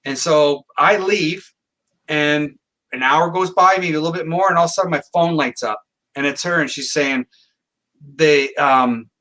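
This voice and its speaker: A man's voice: fairly high pitch, moderate pace, pushed and bright. A man telling a long personal story as a guest in a podcast interview, acting out quoted dialogue. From Canada. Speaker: guest psychic.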